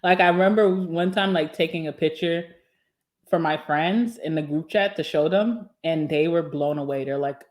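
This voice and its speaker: Young woman eating and spilling her dating opinions, sassy, kinda low voice. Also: moderate pace. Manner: candid, sassy, laughs often, talks while eating. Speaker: vlogger. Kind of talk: casual mukbang chat to camera.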